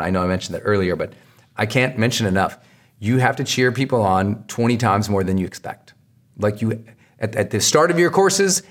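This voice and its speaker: A man with a mid-range voice delivers a motivational lesson as a podcast host. He talks with bursts of energy and drives his points home by repeating them. His delivery is emphatic and coaching. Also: medium pitch. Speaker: podcast host teaching marketing. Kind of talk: motivational teaching talk.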